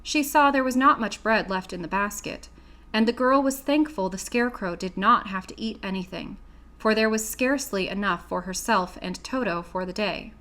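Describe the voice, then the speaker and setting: A woman reads a classic children's story aloud, steady and clear. Her pitch sits in the middle for a woman. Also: normal speed. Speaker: audiobook reader. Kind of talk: storybook narration.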